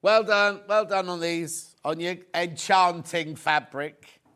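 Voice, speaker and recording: A man's voice: high-pitched, slow pace, bright, forceful tone, smooth. A middle-aged man hosting a live shopping show, chatting and joking as he rambles into anecdotes between prices. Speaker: shopping channel presenter.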